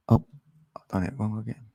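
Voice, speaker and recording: A man's voice: fairly low pitch, creaky, mellow, no echo. A man chatting casually on a live stream, laughing often and greeting viewers by name.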